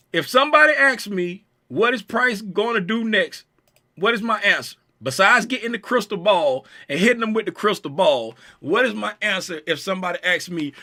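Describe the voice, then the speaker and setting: A man's voice: high-pitched, sharp tone. A man teaching a live-streamed trading chart lesson, playful and teasing, repeating himself and talking to his chat viewers. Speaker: trading coach.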